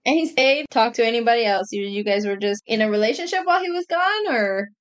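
Lively woman, podcast co-host. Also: a little high. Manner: reactive listener, quick exclamations and laughs. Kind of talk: casual chat.

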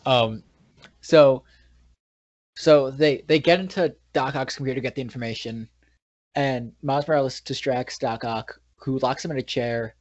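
A man's voice: mid-range voice, fairly even intonation, moderate pace, no room sound. A man from New York recapping a movie in casual chat, retelling scenes with frequent restarts and trailing sentences. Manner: rambling retelling with many restarts. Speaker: podcast co-host. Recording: dull, dry lo-fi recording.

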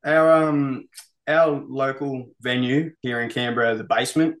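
A man's voice: mid-range voice, a little slow. A man with an Australian accent, a metal musician being interviewed, laid-back and sweary, saying "mate" often. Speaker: metal band musician, guest. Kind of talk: casual interview.

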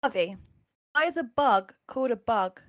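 A woman's voice: a little high, expressive, moderate pace, fairly bright tone, dry recording. A woman hosting an improv podcast, reading her intro and questions from a script in a dry, matter-of-fact way. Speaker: podcast host.

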